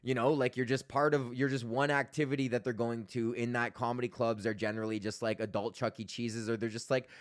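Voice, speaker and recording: A man's voice: medium pitch, little pitch movement, brisk, few pauses, no echo, clean studio sound. A young man from Canada hosting a podcast, ranting casually, swearing a lot, rambling and laughing often. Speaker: podcast host.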